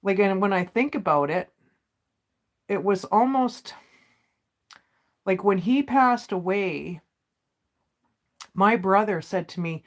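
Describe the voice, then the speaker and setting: A woman's voice: medium pitch, slow, pauses often. A woman candidly retelling a family loss in a personal vlog, with frequent fillers and quoted dialogue. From Canada. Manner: candid, emotional retelling with many "like"s. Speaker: vlogger. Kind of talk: personal storytelling.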